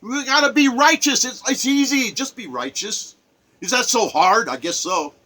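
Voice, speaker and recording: A man with a high, bright, forceful voice delivers an emotional monologue. He preaches and repeats himself, rising to loud outbursts and then sinking to hushed, heavy lines. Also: animated, moderate pace. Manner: emotional, preachy, repetitive, with sudden swells and drops. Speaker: online commentator. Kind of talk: impassioned spoken monologue.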